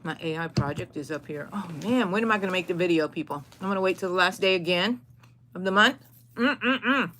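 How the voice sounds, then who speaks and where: A woman's voice: lowish voice, a little fast, fairly bright tone. A middle-aged woman, chatting casually on a crochet livestream from her craft room and greeting viewers by name. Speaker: crochet channel host.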